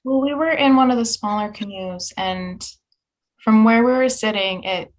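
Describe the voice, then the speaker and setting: A woman's voice: fairly high pitch, normal speed. A woman on a panel answering in casual conversation, hesitant and restarting her phrases.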